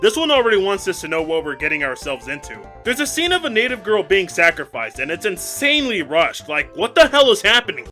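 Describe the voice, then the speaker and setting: A man's voice: high voice, very animated, fairly quick, hardly any pauses, pushed and bright, soft background music. A young man giving a sarcastic comedic film review, with exaggerated outbursts.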